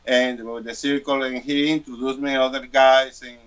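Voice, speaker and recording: A man's voice: mid-range voice, level tone, clear, resonant tone. Guy on a video call, hesitant, kinda dull lo-fi sound. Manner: halting, hesitant, many fillers. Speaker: guest. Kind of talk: casual chat over video call.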